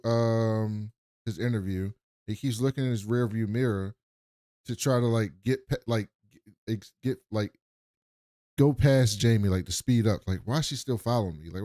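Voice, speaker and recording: A man's voice: mid-range voice, darkish tone, no room sound, clean studio sound. A man co-hosting a podcast, casually recapping plot and voicing characters' lines. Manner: storytelling, retells scenes with quoted lines. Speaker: podcast co-host.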